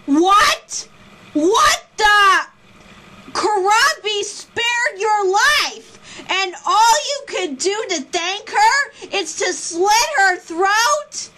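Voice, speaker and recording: Performer doing a hot-tempered toy guy, shrieking, very high, very slow, bright. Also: very animated, heavily acted. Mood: furious. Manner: screaming, sobbing outbursts. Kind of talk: reaction video role-play.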